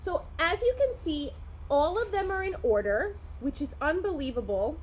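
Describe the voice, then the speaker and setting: A middle-aged woman talks through an unboxing at home in a high voice, gushing and excitable, with quick bursts of delight. A faint hiss sits under her voice throughout. She sounds like a parent sharing a hobby with her kids. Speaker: host. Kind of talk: casual unboxing chat.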